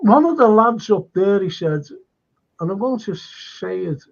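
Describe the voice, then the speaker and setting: A man's voice: sits high, expressive, measured pace, creaky. An older man with a Liverpool accent who hosts a radio chat show and rambles through anecdotes. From Liverpool, England. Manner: rambling anecdotes, laughs while telling stories. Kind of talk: casual chat. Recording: dull lo-fi sound.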